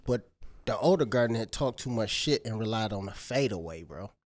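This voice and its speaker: A man, co-hosting a casual podcast chat and ranting with animated swings between low mumbles and excited outbursts. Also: normal speed. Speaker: podcast co-host.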